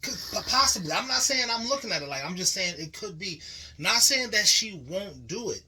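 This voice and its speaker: Bright-voiced man in slangy reaction chat. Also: high-pitched, fairly quick, husky, low-quality recording. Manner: animated, slangy, restarts to make a point. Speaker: podcast co-host.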